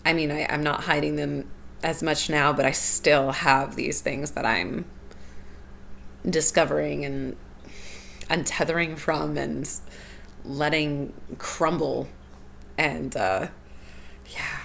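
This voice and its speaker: A woman with a low, gravelly voice hosts her solo podcast, speaking candidly and personally. She laughs now and then and repeats phrases as she reflects. There is a faint hum of ambience behind her. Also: steady tone, takes it slowly, pauses often, a bit bright. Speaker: podcast host.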